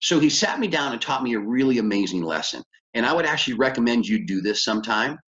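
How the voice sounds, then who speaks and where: Male business coach, mid-pitched, conversational storyteller, dull lo-fi recording. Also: very animated, quick pace, fairly bright tone. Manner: conversational, acts out dialogue with big pitch jumps. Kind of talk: motivational storytelling lecture.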